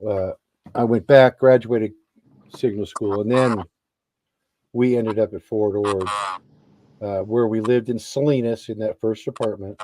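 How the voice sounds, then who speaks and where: A middle-aged man and Army veteran telling a story in a casual interview, animated and swearing freely. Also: on the low side, unhurried, long pauses, a little hiss or hum.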